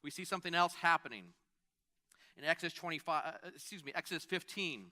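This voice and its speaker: Male pastor, fairly high bright voice, casual preaching style with asides. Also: lively intonation, fast talker. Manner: conversational, with frequent restarts and asides. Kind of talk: sermon.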